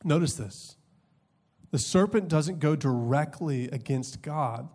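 Young guy pastor preaching, kinda high voice, jokey and chatty, slows way down on the big points. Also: mellow. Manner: conversational and humorous, shifting between quick asides and slow emphatic drops. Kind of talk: sermon.

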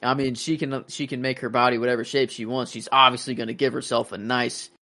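Rambling, excitable young man. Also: medium pitch, fast talker. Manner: rambling and enthusiastic, many fillers and restarts. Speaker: podcast co-host. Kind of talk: casual movie chat.

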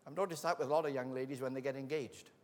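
A man's voice: mid-range voice, fairly even intonation, very fast, darkish tone. A man preaching a sermon, telling stories and acting out the voices of the people in them. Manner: anecdotal, acts out quoted voices. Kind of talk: sermon with storytelling. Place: church hall. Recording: long reverb of a large hall.

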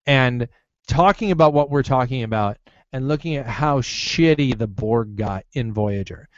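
Guy on a podcast, deadpan crude humor, lots of ums, dry flat-ish sound. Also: medium pitch, normal speed, dry recording, highs cut off. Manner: deadpan crude jokester with hesitant fillers. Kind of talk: casual chat.

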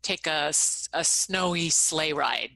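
A woman co-hosts a relaxed conversation and gushes enthusiastically about the things she loves. Her voice sits very low but has a bright, forward tone. She talks in a warm, eager way. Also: slow, gravelly. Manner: enthusiastic, gushing about favorites. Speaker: co-host. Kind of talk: casual chat.

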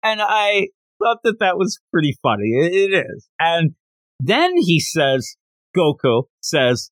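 A man hosting a podcast, casually recapping a manga chapter in an animated way and slipping into quick character voices. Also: a little high, no echo. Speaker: podcast host.

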